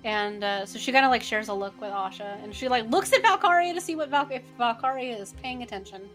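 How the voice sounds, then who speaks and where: A woman's voice: fairly high pitch, animated, fairly quick, fairly bright tone, soft background music. A woman narrating as game master of a tabletop game, rambling with many fillers.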